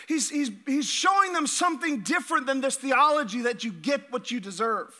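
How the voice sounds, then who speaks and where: High, bright-voiced male pastor preaching. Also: normal speed, few pauses. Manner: energetic, repeats words, asks the congregation questions. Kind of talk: sermon.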